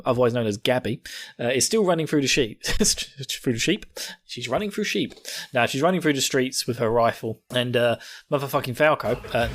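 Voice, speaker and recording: A man's voice: medium pitch, a bit bright. A man hosting a podcast, recapping an episode casually, laughing often and swearing. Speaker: podcast host.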